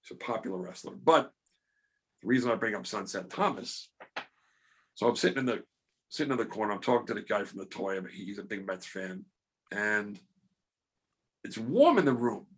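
A man's voice: fairly low pitch, normal speed, long pauses, husky. Rambling middle-aged man telling a story. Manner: rambling, self-deprecating, animated quotes. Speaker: podcast host. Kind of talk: casual storytelling chat.

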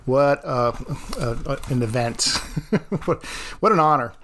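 A man's voice: medium pitch, expressive, measured pace, a bit bright, slight background noise. A man who teaches art, hosting his own podcast and telling a classroom story in a casual way, laughing often.

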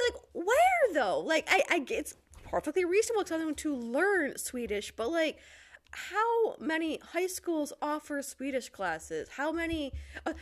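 An American woman telling a story in casual chat, full of fillers and quick asides. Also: high voice. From United States. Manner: animated storytelling, lots of fillers.

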